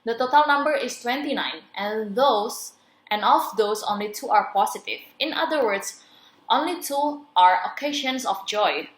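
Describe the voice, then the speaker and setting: A young woman reading the part of a friendly male neuroscientist guest, explaining in plain, measured phrases. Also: fairly high pitch, animated, lightly acted. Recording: roomy echo.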